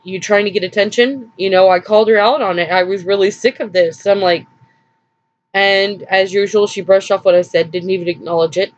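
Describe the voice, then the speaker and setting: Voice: mid-range voice, steady tone, a little fast, lo-fi sound. A vlogger telling a personal story in a rambling, hesitant way, with nervous little laughs, sounding upset and drained.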